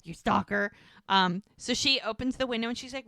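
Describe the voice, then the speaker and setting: A woman's voice: fairly high pitch, normal speed, creaky, sharp tone, no echo. A woman co-hosting a podcast, casually recapping episodes and acting out the characters' lines as she goes. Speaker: podcast co-host.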